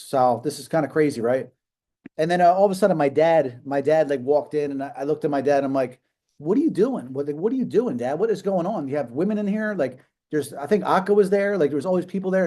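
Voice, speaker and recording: A man's voice: fairly high pitch, warm tone. Emphatic rambling man in his fifties. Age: 50s. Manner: rambling, emphatic, many restarts and fillers. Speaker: host of a live business call. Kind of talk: casual motivational talk. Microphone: video call.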